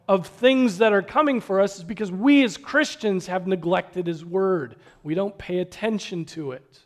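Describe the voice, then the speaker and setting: A man preaching a sermon, earnest, posing rhetorical questions and dropping to a hush for emphasis. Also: high voice, animated, normal speed.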